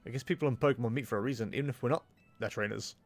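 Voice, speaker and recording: A man reading the lines of an upbeat young female Pokemon trainer in his own voice, cheerful and brisk. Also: mid-range voice, no echo, close to an everyday voice. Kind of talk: reading game dialogue aloud.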